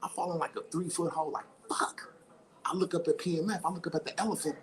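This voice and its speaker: A man's voice: fairly high pitch, steady tone, rapid-fire, rough recording. A man from the United States hosting a casual chat, telling a story in a profane, rambling way. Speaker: host.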